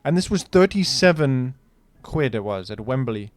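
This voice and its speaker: A man's voice: medium pitch, expressive, normal speed, hardly any pauses, no room sound. A man hosting a gaming video, giving casual, rambling commentary with a joking, incredulous manner. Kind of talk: casual commentary while playing.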